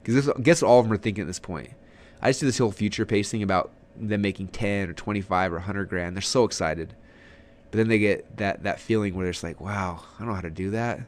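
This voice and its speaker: A man coaching on online sales in a webinar lesson, energetic and salesy, with frequent restarts. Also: on the low side, fast talker, a little hiss or hum. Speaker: marketing coach. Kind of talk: webinar teaching.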